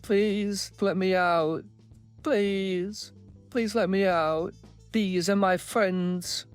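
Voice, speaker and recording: A whimpering little boy's plea, passed through an AI voice converter and pitched up. The tone is smooth and crisp, and the pace is extremely slow. Faint music plays behind him. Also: steady tone. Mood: pleading. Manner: whimpering, pleading. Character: whiny whimpering little boy.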